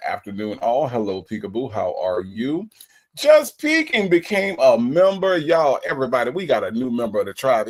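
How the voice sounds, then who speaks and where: A man's voice: medium pitch, a little mellow. A man hosting a casual livestream, reading viewer comments aloud and answering them with playful mock offense. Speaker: livestream host.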